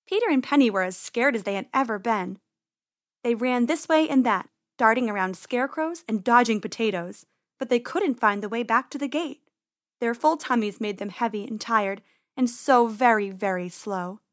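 A woman reading a children's story aloud in an expressive, lively way. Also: a little high, no room sound, studio quality.

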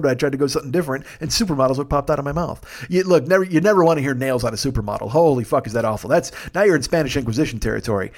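Fast-talking, profane male comedy podcaster. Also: medium pitch. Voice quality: pleasant, resonant voice. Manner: rambling, profane storytelling with tangents. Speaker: podcast host. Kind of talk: solo comedic monologue.

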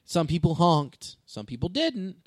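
High-voiced man telling animated stories. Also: unhurried, no echo. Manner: animated storytelling with swearing. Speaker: stand-up comedian. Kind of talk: casual podcast chat.

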